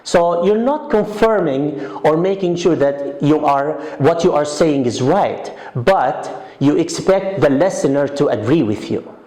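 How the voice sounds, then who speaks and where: A man teaching an English grammar lesson, explaining slowly and repeating his example sentences. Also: a little high, animated, mellow. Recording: echoey room.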